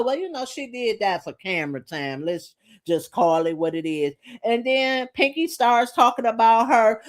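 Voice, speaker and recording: A woman's voice: fairly high pitch, lively intonation, normal speed. Sassy woman recapping reality TV. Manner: sassy, opinionated, quotes the cast with attitude. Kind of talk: casual episode recap.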